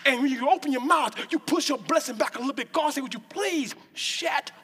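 A woman preaching a lively sermon with call-and-response lines, breaking into shouts and joking asides. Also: sits high, quick pace.

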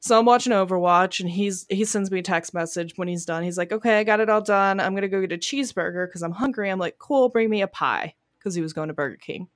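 A woman co-hosting a podcast, telling a long story in casual chat, swearing freely and loudly acting out the people she quotes. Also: mid-range voice, fast, few pauses, no echo, clean studio sound. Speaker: podcast co-host. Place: home garage studio.

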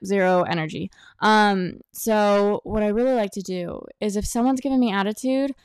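A young woman talks through her solo podcast in a blunt, jokey, animated way, her voice smooth and clean. She keeps shifting around the microphone, so she swings between close and a bit farther off in a dry room. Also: medium pitch, dry recording. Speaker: podcast host. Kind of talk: casual solo podcast monologue. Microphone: desk microphone, voice drifting near and far.

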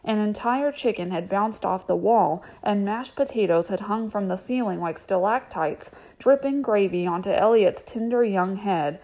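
A woman's voice: medium pitch, normal speed, few pauses, warm tone. A woman reading a novel aloud, breaking off for chatty, filler-heavy asides. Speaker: reader. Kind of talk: audiobook reading with casual asides.

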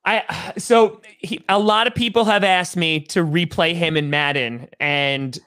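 An excitable man in his thirties from New York, talking as a podcast guest in a loose, rambling way. His voice sits high and bright, and the sound is close and dry. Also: measured pace, smooth, no room sound. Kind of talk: casual podcast chat.

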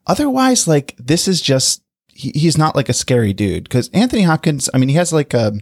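A man co-hosting a podcast, talking haltingly as he searches for words. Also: fairly high pitch, very animated, husky, no echo, clean studio sound. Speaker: podcast co-host. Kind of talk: casual chat.

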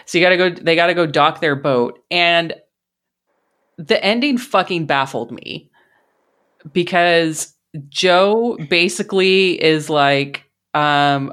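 A woman's voice: lowish voice, lively intonation, slow, a bit bright. A woman hosting a podcast, recapping a film in casual chat, swearing freely and laughing in disbelief. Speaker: podcast host.

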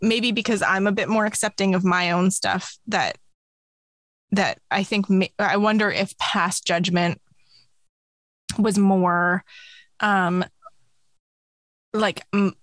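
A woman co-hosting a podcast in casual chat, reflective and halting, often restarting her words. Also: mid-range voice, steady tone, fairly bright tone, no room sound, clean studio sound. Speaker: podcast co-host.

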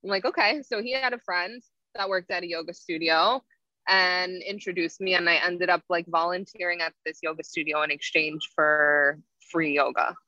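Chatty young woman with a bright voice. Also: fairly low pitch, steady tone, moderate pace, dry recording. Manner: chatty, frequent "like" fillers. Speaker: yoga teacher, guest. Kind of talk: casual interview storytelling. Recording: dull lo-fi sound.

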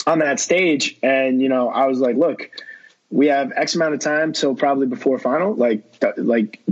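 A man's voice: medium pitch, breathy edge, muffled recording. A young man talking as a podcast guest, telling a long story in rambling casual chat full of fillers and quoted dialogue.

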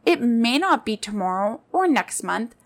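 A woman's voice: on the high side, very animated, measured pace. A woman in her late twenties hosting a podcast, sharing personal stories in an earnest, heartfelt monologue that speaks straight to her listeners. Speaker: podcast host.

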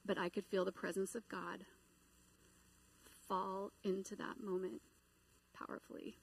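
A middle-aged woman giving a sermon, telling a personal story in an animated way and acting out the voices she quotes. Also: mid-range voice, unhurried, gravelly, a little hiss or hum, rough recording. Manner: animated, acts out quoted voices and inner dialogue. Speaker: preacher.

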